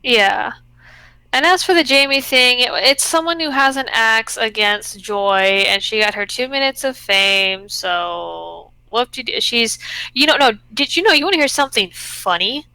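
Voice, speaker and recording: A bright, clear-voiced woman from the US West Coast chats casually and laughs easily. She tells stories in a lively way. The close, dry recording carries no room sound. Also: fairly high pitch, unhurried, no room sound. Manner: chatty, laughs often, lively storytelling. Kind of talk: casual chat.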